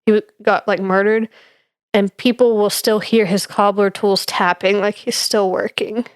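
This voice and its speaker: A young woman co-hosting a casual podcast chat, working through her notes with fillers and easy laughter. Her voice sits at an ordinary middle pitch. The sound is close and dry, with no room around it. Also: flat delivery, measured pace, smooth, no echo. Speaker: podcast co-host presenting research.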